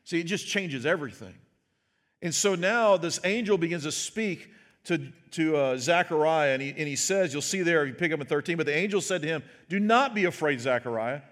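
A man's voice: a little high, animated, fairly quick, fairly bright tone. A pastor preaching a sermon in a conversational way, asking his listeners "right?" and acting out the quoted words. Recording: long hall reverb.

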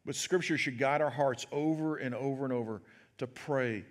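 A man's voice: medium pitch, normal speed. A pastor preaching a sermon in a conversational way, asking his listeners "right?" and acting out the quoted words. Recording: long hall reverb.

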